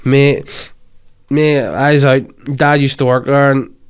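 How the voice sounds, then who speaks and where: A man's voice: medium pitch, flat delivery, unhurried, clear, resonant tone. A man in his thirties with a Northern Irish accent, a comedian hosting a podcast and telling rambling, sweary comic stories. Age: 30s. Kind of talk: comic storytelling monologue.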